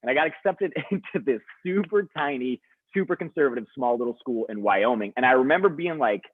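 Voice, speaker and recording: A young man telling an energetic, chatty story to students as a motivational speaker, heard over a video call. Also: mid-range voice, fairly quick, no room sound. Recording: dry, husky, phone-like video call audio.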